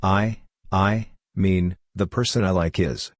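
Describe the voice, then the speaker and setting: A man's voice: sits low, fairly even intonation, slow, no echo, studio quality. A man reading the lines of a shy, lovestruck young girl ninja who talks in a hesitant, faltering way. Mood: nervous.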